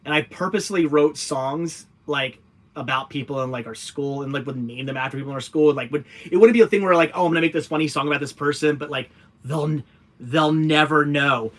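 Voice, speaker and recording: A man's voice: on the high side, a little fast, fairly bright tone. Rambling man hosting a casual livestream. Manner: rambling, many fillers and restarts, laughs easily. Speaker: livestream host reading viewer comments.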